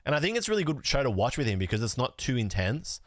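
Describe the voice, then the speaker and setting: A man's voice: mid-range voice, sing-song, fast, no room sound, clean studio sound. A young man streaming from home, chatting casually with lots of fillers, swearing and rambling as he sorts his cards. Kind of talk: casual live-stream chat.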